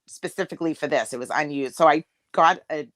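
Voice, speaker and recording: A woman's voice: low voice, fairly quick, no echo. A middle-aged woman, hosting a casual group video chat and telling stories with a joking, laughing manner. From Massachusetts. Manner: lively joking storyteller, laughs often. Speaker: host of a group live chat. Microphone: video call.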